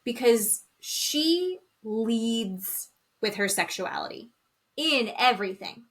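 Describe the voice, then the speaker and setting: Woman podcast cohost dishing on reality tv, kinda high voice, acts out everyone's lines. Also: slow pace. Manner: animated gossipy storytelling, acting out quotes. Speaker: podcast co-host. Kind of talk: casual chat recapping reality TV.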